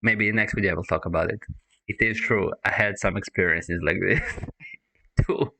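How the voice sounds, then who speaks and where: A man with a low, bright voice gives loose reaction commentary. He laughs a lot and swears freely, keeping it casual and unpolished. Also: brisk, slight background noise, poor audio. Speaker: reaction video host.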